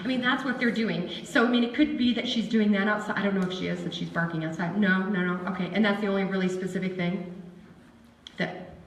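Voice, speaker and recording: A woman giving a lively, chatty seminar talk on dog behavior to a live audience. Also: mid-range voice, quick pace, far from the mic, slight background noise. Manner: animated and chatty, acts out dog voices. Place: seminar hall. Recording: echoey room with faint ambience.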